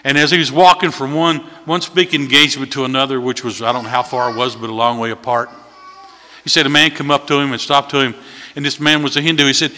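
A man preaches in a church, telling folksy stories with a bright, forceful voice. His voice swells louder at key points, and a long reverb trails after his words in the hall. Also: medium pitch, brisk. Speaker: visiting preacher. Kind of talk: sermon. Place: church sanctuary.

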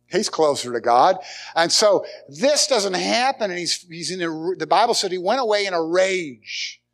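A pastor delivers a sermon in a man's voice that sits a bit high, animated and at normal speed. He shifts from loud, emphatic lines to near whispers, frequently restarting phrases and repeating words.

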